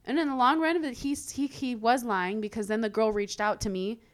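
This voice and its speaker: A young woman hosting a podcast, telling a personal story in casual chat, animated, full of "like" and the odd swear word. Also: fairly high pitch, brisk. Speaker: podcast host.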